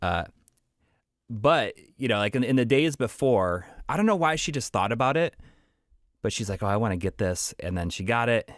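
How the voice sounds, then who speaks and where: A man's voice: medium pitch, expressive, moderate pace, dry recording, clean studio sound. A man co-hosting a podcast in casual chat, rambling with restarts and laughing easily. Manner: rambling, many restarts and fillers. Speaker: podcast co-host.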